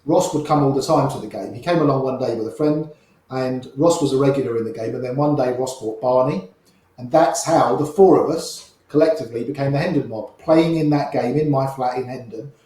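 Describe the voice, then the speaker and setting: A man's voice: medium pitch, brisk, mellow, very echoey, rough recording. A middle-aged man telling chatty, wry anecdotes as a guest in an interview, often repeating himself mid-story. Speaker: interview guest, poker player.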